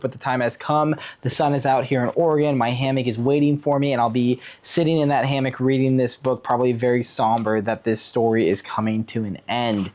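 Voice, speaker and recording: A man on his book vlog, talking in an enthusiastic, rambling way with fillers. His voice sits at an ordinary middle pitch. He sounds loose and casual, like he is chatting with viewers. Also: a little mellow. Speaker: book vlogger. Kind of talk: casual chat. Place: Oregon.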